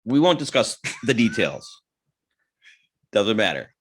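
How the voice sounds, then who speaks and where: Male co-host, lowish, lively pitch, rambling crude storyteller. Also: slow pace, a little hiss or hum. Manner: rambling, self-interrupting storyteller with crude humor. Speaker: podcast co-host. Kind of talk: casual storytelling chat.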